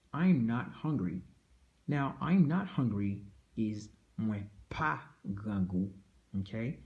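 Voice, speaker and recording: A man teaching a language lesson. He talks slowly, repeats each example phrase and often checks in with "okay?". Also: medium pitch, warm tone.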